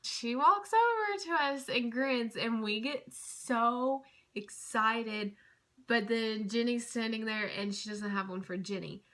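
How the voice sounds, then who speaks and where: A young woman telling a story in a casual vlog, gushing and chatty with lots of fillers, dropping to a hush at tense moments. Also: fairly high pitch, slow. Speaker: vlogger.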